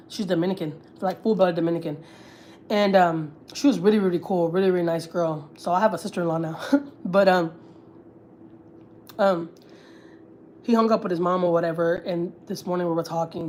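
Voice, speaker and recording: A woman's voice: on the low side, steady tone, fast, darkish tone, a little hiss or hum. A young woman from Texas, a family vlogger, chatting candidly on a livestream, full of swearing and filler words. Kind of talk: casual livestream chat.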